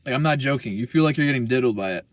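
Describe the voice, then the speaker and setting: A man's voice: mid-range voice, lively intonation, racing, dry recording. A young man talking casually as a vlogger, rambling and profane, full of slang. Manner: slangy, profane, rambling, keeps saying bro.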